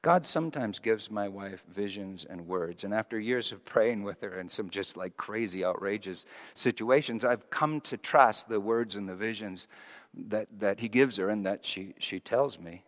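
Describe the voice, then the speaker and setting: Middle-aged preacher in a reverberant hall. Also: male voice, on the low side, moderate pace. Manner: conversational, repeats and restarts phrases. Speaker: pastor. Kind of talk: storytelling sermon. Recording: long reverb of a large hall.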